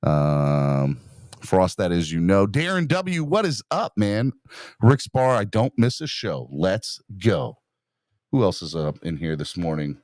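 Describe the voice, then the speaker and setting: Upbeat male podcast host, deep voice with lots of swing, reading out chat names. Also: expressive, measured pace, darkish tone, no echo, clean studio sound. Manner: upbeat, greets chat viewers by name. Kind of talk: casual live-stream chat.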